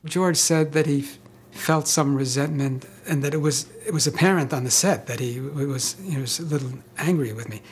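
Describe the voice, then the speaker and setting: An older man in an interview, telling anecdotes in a wry, self-deprecating way with soft laughs. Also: fairly high pitch, normal speed, hardly any pauses, slight background noise. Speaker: interviewee, actor.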